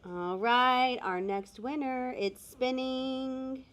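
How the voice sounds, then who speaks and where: A woman's voice: high voice, level tone, drawn-out words, a bit bright. An American woman co-hosting a live giveaway stream, bubbly and laughing often, calling out the winners. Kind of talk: casual live-stream chat.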